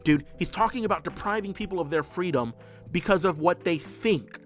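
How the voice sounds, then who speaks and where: A man's voice: high voice, fairly quick, faint music behind. A man doing livestream political commentary, reading chat as he goes, heated and profane, often restarting his sentences. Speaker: political streamer.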